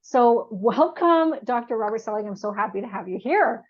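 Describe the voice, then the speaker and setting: A chatty, bubbly woman hosts an interview, and her voice sits a bit high. She is recorded on a backup microphone that sounds dull and muffled. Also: lively intonation, normal speed. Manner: chatty, bubbly, laughs easily. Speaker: podcast host. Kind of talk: casual interview hosting.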